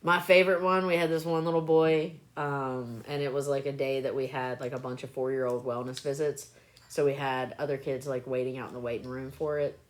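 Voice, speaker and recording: A woman with a low voice tells stories casually into her phone on a live stream. She is chatty and animated, and she keeps breaking into laughter. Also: brisk. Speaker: livestreamer recalling clinic work.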